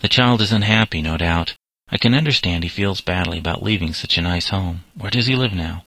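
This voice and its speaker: Man voicing a storybook mother, earnest, gently reproving, deep, bright. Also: brisk, dry recording. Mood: concerned. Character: caring Christian mother of a family.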